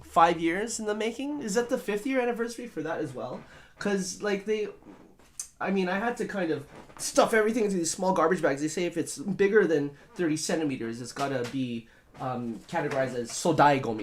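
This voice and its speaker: A man hosts a casual live stream from his home studio, reading viewer comments and rambling along. He jokes and plays with words, and his pitch bounces around in a lively, animated way. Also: a little hiss or hum. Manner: playful, rambling, jokey wordplay.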